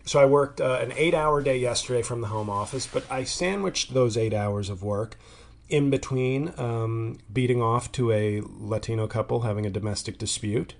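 Man in his thirties, podcast host, rambling crude monologue, self-mocking, mid pitch. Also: normal speed, gravelly. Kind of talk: casual comedic monologue.

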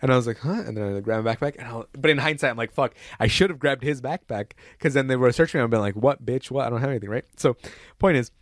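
Young man, quick swearing storyteller, dry sound. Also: medium pitch, no echo. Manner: profane, acts out quoted voices. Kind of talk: casual storytelling chat.

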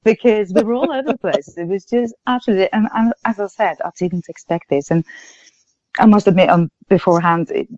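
Guest woman, emotional, often laughing, medium pitch, dry muffled sound. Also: a little fast, a little mellow, no echo. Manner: emotional, laughing between phrases. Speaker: podcast guest. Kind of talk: casual chat.

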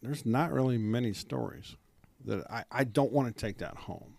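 A man in his forties with a Midwestern American accent, a police officer talking casually on a podcast in a low-key, dry way. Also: normal speed, gravelly, darkish tone. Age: 40s.

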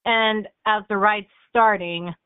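A young woman chats as a podcast guest, telling her stories with lots of fillers and laughter. Her voice sits at a middle pitch for a woman. The sound is thin and tinny, like a phone call. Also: slow pace, clear, resonant tone, no room sound. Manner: animated storyteller who laughs often, with fillers like "like" and "um". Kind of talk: casual storytelling on a podcast.

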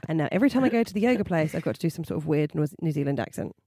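A woman's voice: deep voice, expressive, racing, warm tone, husky, no room sound. A woman co-hosting a casual comedy podcast, telling self-mocking stories in a chatty way. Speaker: podcast co-host.

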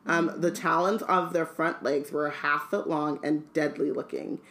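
A woman's voice: low voice, steady tone, normal speed, a bit bright. A woman reading a book aloud on a podcast with casual asides and filler ums. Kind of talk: casual book read-along chat. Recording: roomy echo.

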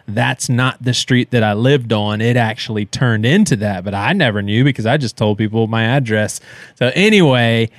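A man in his thirties co-hosting a podcast, telling a story in a casual, animated way and laughing as he goes. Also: mid-range voice, no room sound. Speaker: podcast co-host.

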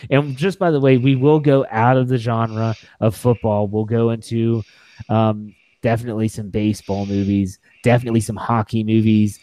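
A young podcast co-host chats about sports movies at normal speed, his voice low-leaning and mellow with little pitch movement. Enthusiastic and rambling, he keeps restarting and fixing his sentences. The audio is dry.

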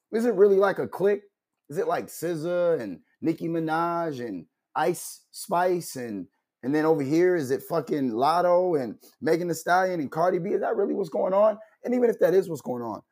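A man's voice: high voice, a little mellow, breathy edge. A man hosting a commentary show, ranting loosely with lots of swearing, mocking asides and bursts of laughter. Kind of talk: profane casual rant.

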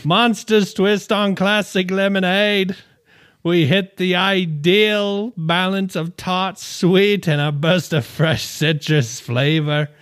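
A man's voice: sits high, steady tone, slow pace, a bit bright, clean tone. A man reading a drink label in an exaggerated mock Australian accent, laughing as he goes. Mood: playful.

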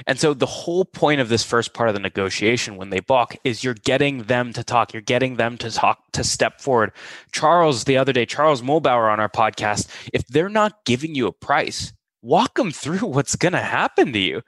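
A man's voice: medium pitch, expressive, normal speed, a bit bright, dry recording, poor audio. A man co-hosting a sales advice podcast, emphatic and blunt, acting out quotes. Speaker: co-host.

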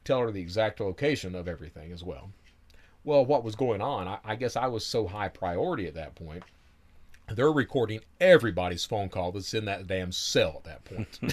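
Brief: man, low voice, animated storyteller, wry, swears, swinging pitch. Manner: animated, wry, laughs while telling, swears freely. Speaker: guest telling his own story. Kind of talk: casual spoken storytelling.

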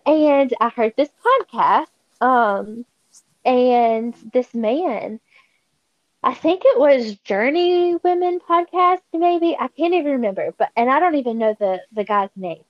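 Slow-talking, lo-fi woman telling stories. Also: high-pitched, no room sound. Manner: animated storytelling with quoted voices. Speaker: podcast guest. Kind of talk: casual faith conversation.

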